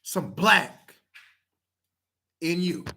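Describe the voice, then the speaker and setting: A man's voice: a little high, very animated, very slow, gravelly, pushed and bright, husky. A man talking straight to camera, blunt, profane and heated, repeating himself to press his point. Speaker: video commenter. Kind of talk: casual talk to camera.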